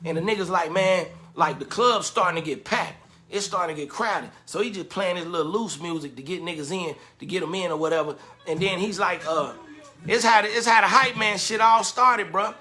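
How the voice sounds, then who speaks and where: High bright-voiced dude telling club stories, lots of slang, faint music under it. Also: male voice, a little fast. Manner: animated, slangy, acts out quotes with laughter. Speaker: storyteller, former club hype man. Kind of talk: casual storytelling.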